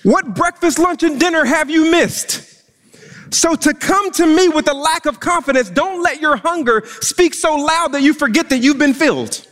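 Male pastor, very high voice, impassioned sermon, long hall reverb. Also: moderate pace, a bit bright. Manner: impassioned preaching, repeats words when pressing a point. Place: church stage.

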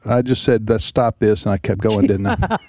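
A man's voice: lowish voice, fairly even intonation, moderate pace, dark tone, no room sound. A man hosting a radio talk show in a studio, chatting and wandering off topic, laughing easily.

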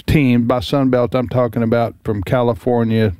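A man hosting a radio talk show, explaining points in a slow, deliberate way into a studio microphone. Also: medium pitch, flat delivery, mellow, smooth, dry recording.

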